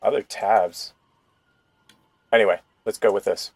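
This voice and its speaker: A man's voice: lowish voice, fairly even intonation, measured pace, creaky, breathy edge. A man co-hosting a casual online show, reacting to clips with wry jokes. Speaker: podcast co-host. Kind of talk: casual chat.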